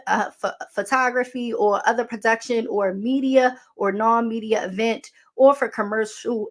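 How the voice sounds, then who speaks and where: A woman with a Baltimore accent hosting a podcast, chatting casually and reading a law aloud, sassy and calling listeners honey. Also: fairly high pitch. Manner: chatty and sassy, calls listeners honey, stumbles over words. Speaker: podcast host.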